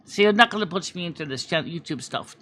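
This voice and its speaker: Man, high voice, bright tone, channel host, casual monologue, profane ranting, acts out quoted people. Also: fast. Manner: animated storyteller, swings from loud outbursts to quiet earnest talk. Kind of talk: casual talking-head monologue.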